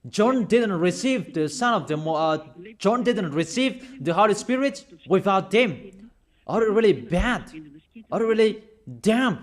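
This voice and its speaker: High-voiced man preaching a scolding sermon. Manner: forceful, scolding, rhetorical questions.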